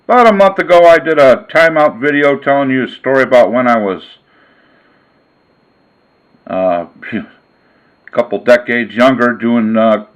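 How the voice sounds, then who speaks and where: A man and sports card vlogger telling a casual story in a folksy, relaxed way. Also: medium pitch, low-quality recording.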